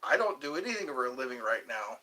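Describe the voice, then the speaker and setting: A man's voice: medium pitch, sing-song, fast talker, sharp tone. A man hosting a rambling live stream from his phone, cracking jokes and answering viewers' questions. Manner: jokey, reads viewer questions aloud and answers them. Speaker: livestream host.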